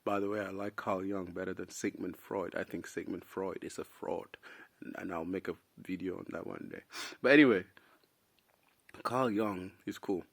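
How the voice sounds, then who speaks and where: A young South Sudanese vlogger with a deep, gravelly voice delivers an unscripted opinion monologue to camera at a moderate pace and fairly even intonation. He rambles at length, calling his listeners "bro."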